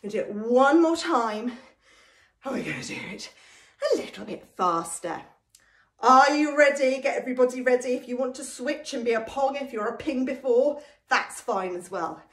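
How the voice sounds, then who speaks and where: A woman teacher with an English accent leads a lively sing-along warm-up for children, chanting and singing with breathy energy. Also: high voice, moderate pace. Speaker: teacher leading a class energiser. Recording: echoey room.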